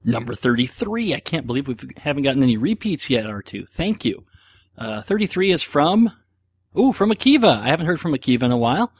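A man's voice: medium pitch, expressive, fairly quick, slightly rough, no echo. Chatty middle-aged man, dry close mic. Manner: rambling, chatty, self-deprecating, many fillers. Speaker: podcast host answering listener questions. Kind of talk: casual chat.

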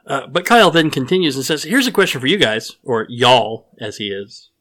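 Playful male podcast host, mid pitch. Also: expressive, a little fast, bright, forceful tone. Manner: playful, jokey, reads listener answers aloud. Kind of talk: casual podcast banter.

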